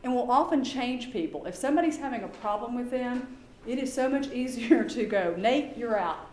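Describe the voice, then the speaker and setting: A middle-aged woman lectures on behavior with lively energy, slipping into voices to act out exchanges. Her voice sits a little high. The room is echoey with a faint hum behind her. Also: a little fast. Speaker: behavior specialist. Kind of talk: conference lecture.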